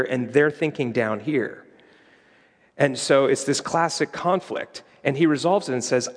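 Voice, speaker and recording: Brief: male pastor, mid-pitched, casual teaching sermon, long hall reverb. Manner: conversational teaching with quoted scripture.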